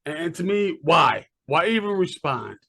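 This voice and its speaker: A man's voice: fairly high pitch, big pitch swings, normal speed, sharp tone. A man co-hosting a podcast in casual chat, questioning and opinionated. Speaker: podcast co-host.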